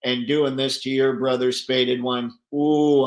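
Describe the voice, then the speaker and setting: Reading viewer comments aloud, a livestream host chats back casually and laughs a lot. His medium-pitched voice barely moves up or down, his pace is unhurried, and the sound is reverberant.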